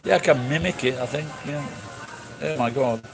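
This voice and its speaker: A man talking off the cuff to his viewers, swearing freely and restarting his sentences as he goes. His voice sits at an ordinary middle pitch, and music plays clearly behind him. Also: normal speed, poor audio. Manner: blunt, sweary, rambling with restarts. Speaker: streamer answering chat. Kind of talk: casual chat.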